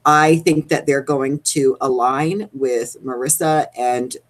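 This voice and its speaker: Low-pitched woman co-host, animated gossip rant, live show. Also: slow. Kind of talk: casual chat.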